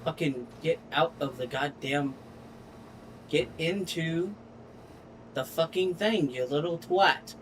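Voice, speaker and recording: A man's voice: on the high side, slight background noise. A man narrating his own gameplay in casual commentary, frustrated and swearing freely as he talks himself through each step. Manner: frustrated, swears a lot, slow drawl. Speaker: gaming streamer.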